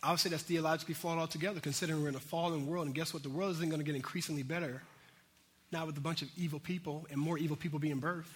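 A man's voice: on the high side, fairly even intonation, very fast, long reverb tail, a little hiss or hum. A man preaching a sermon in a casual, conversational way, with frequent asides to his congregation. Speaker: pastor.

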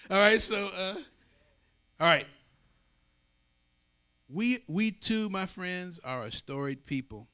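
Bright-voiced conversational male preacher. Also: high-pitched, takes it slowly, pauses often, smooth. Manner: conversational, animated, acts out voices. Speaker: pastor. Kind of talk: sermon.

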